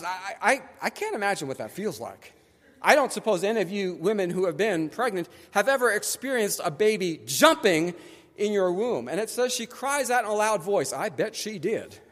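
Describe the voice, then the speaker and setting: A man preaching a sermon as pastor, animated and conversational, acting out the people he quotes. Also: high voice. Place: church sanctuary. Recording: long church hall reverb.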